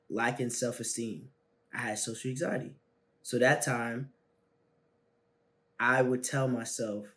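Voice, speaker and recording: Young man, self-help host, casual storytelling, slangy, animated, loud bursts and quiet asides. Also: medium pitch.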